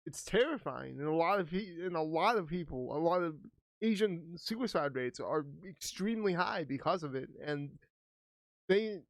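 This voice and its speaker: A young man talks on a casual podcast in an earnest, slightly nervous way. His voice sits a little higher than most men's and is recorded close and dry. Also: expressive, moderate pace, no room sound. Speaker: podcast co-host.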